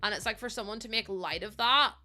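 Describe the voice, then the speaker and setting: A woman's voice: mid-range voice, fairly quick, pushed and bright. A young adult woman, chatting heatedly to her live chat while she builds in a game. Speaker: live streamer.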